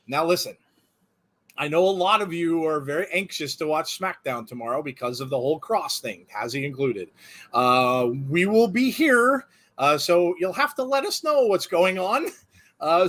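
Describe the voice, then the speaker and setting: A man's voice: high voice, moderate pace. A man hosting a live wrestling watch-along, chatting casually and rambling with frequent laughter. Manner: animated, rambling, laughs often. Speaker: host.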